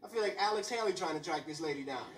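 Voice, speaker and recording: Rapid-fire and on the high side, a stand-up comedian tells animated stories on a club stage, dropping into one voice after another. The audio sounds roomy and far away, with a little room noise.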